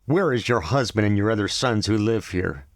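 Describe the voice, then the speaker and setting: A man's voice: lowish voice, lively intonation, moderate pace, no echo, clean studio sound. A man reading a novel aloud and voicing a cold, menacing army captain.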